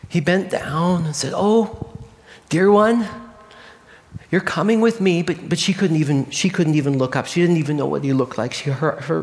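A man telling a story in a sermon, expressive and often dropping to a hushed voice. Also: fairly high pitch, vocal fry, long reverb tail.

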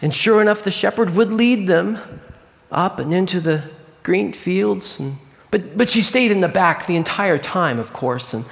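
A man telling a story in a sermon, expressive and often dropping to a hushed voice. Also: sits high, normal speed, creaky, long reverb tail.

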